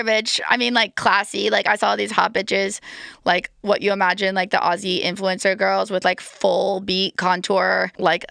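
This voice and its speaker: Chatty American woman with vocal fry. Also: medium pitch, a bit bright, dry recording, clean studio sound. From United States. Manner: rambling and chatty, full of "like" and "um". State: hungover. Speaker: podcast host. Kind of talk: casual solo podcast chat.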